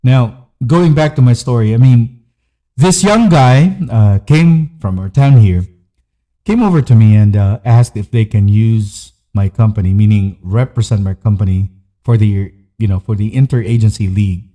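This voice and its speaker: A man's voice: on the low side, normal speed, mellow. A man hosting a podcast, telling a personal story in an earnest, candid way, with short listed phrases. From Philippines. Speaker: podcast host.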